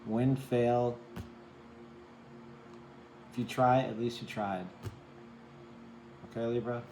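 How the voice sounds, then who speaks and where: A man's voice: medium pitch, fairly even intonation, slow pace, warm tone, roomy sound, slight background noise, rough recording. A man giving a casual tarot reading to camera, chatty, often asking "right?" and apologizing for cursing. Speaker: tarot reader.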